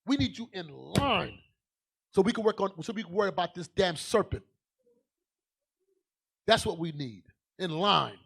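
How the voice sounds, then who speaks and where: A man preaching a fiery sermon as a bishop, emphatic and calling out to the congregation, swinging from low asides to loud declarations. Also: big pitch swings, normal speed, gravelly, long pauses, husky.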